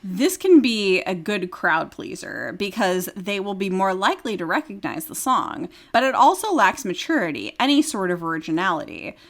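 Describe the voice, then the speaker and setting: A woman's voice: medium pitch, fairly bright tone. A woman podcast host reading a review aloud in a casual chat, now and then breaking into giggles.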